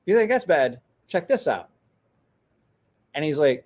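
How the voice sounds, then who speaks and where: A man's voice: a little high, very animated, a little slow, a little mellow. A man in his forties, a podcast host telling a rowdy story in casual chat, swearing, laughing and acting out the voices of the people he quotes.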